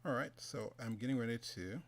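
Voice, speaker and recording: A man's voice: mid-range voice, a little fast. A man hosting a live online summit in a loose, chatty way. He jokes around and talks casually with his guest. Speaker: summit host. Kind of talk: casual livestream interview.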